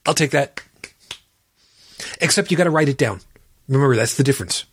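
A man's voice: medium pitch, lively intonation, brisk, a bit bright, breathy edge, no echo, clean studio sound. A man co-hosting a casual podcast panel chat, blunt and profane as he explains his point. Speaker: podcast co-host.

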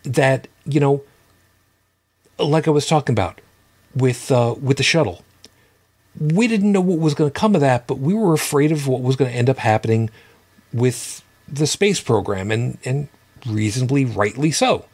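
A man in his fifties co-hosting a podcast, talking in a casual, halting way with many restarts and some swearing. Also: medium pitch, lively intonation, a little mellow, husky. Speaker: podcast co-host. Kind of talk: casual chat.

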